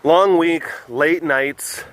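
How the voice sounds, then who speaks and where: A man's voice: fairly high pitch, drawn-out words, a bit bright. A young man vlogging at a big cat enclosure, rambling through a story and acting out other voices. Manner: chatty, often acts out other voices, laughs a lot.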